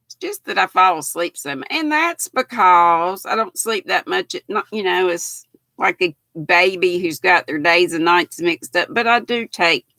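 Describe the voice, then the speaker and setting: A woman's voice: lowish voice, animated, normal speed, dry recording. An older woman hosting a live crafting stream, chatting folksily with viewers and calling them honey and darling. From United States. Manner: chatty, rambling, with soft laughs. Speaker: host of a live knitting and crochet stream.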